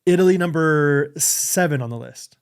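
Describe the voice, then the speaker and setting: A man's voice: fairly high pitch, normal speed, clean tone. A man co-hosting a podcast, running a casual quiz with lots of laughter and hesitant filler words. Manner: giggly, hesitant, lots of ums. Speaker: podcast co-host.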